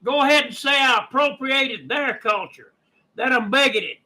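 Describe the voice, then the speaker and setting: A man's voice: very high-pitched, moderate pace, bright, forceful tone, rough recording. A man with a Kentucky country accent, ranting indignantly and defensively in a casual vlog. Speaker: YouTuber.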